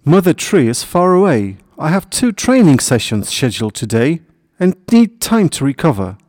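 A man voicing a calm, sporty, self-assured male rabbit who speaks in a breezy, matter-of-fact way. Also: on the high side, moderate pace, dry recording, clean studio sound, voice pushed up.

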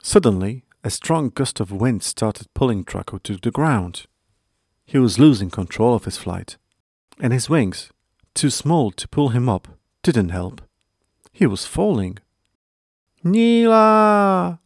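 A man narrating a storybook in a measured, earnest way. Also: on the low side, expressive, mellow, breathy edge, no echo, studio quality.

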